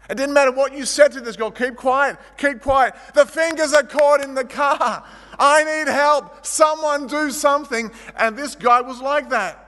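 A man preaching a sermon, telling stories vividly and swinging between loud, animated passages and quiet, low ones. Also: long reverb tail. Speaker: pastor.

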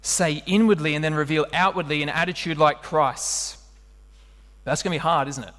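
A man delivers a lively sermon, his voice pitched somewhat high for a man. He keeps turning to the congregation with rhetorical questions. The sound rings on in a large hall with a long reverb. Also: moderate pace. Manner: animated, asks the listeners rhetorical questions. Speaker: preacher.

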